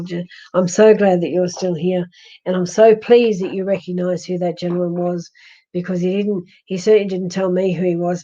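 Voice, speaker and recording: Losing her voice, an Australian psychic medium speaks in a husky, lowish, hoarse tone that keeps fading. She comforts a viewer gently in a live-stream reading full of restarts, captured with lo-fi sound.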